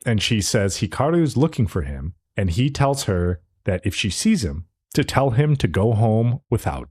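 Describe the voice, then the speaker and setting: Low-voiced man recapping animatedly. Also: moderate pace, slightly rough. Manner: animated retelling, relaxed slang. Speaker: podcast co-host. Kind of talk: casual episode recap.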